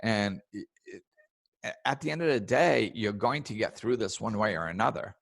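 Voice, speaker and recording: Podcast host, man, low gravelly voice, dry close sound, easygoing talk with acted-out quotes. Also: moderate pace, dry recording. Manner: relaxed, acts out quoted people in raised voices. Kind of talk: casual spiritual self-help talk.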